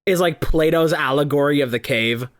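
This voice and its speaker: Podcast guy cracking dry jokes, voice on the higher side. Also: normal speed. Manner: dry joking quips. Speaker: podcast co-host. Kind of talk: casual chat.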